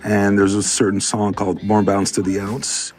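A man in his forties from Montreal speaks in a low voice as a musician guest. He tells his story in an unhurried way, and faint music sits underneath. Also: completely flat delivery, darkish tone. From Montreal, Canada. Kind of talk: casual interview answers.

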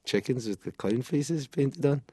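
A man's voice: mid-range voice, expressive, measured pace, dark tone, slightly rough, dry recording, studio quality. A man with a Scottish accent, a musician being interviewed, chatting casually and joking in a loose, playful way. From Scotland. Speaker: musician guest.

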